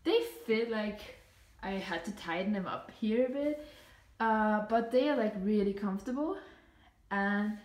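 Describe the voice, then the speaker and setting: Speaking a little slowly in a slightly high, darkish, animated voice, a young woman vlogger giggles and gushes with many fillers during a casual unboxing. The mic sits at a distance in an echoey room.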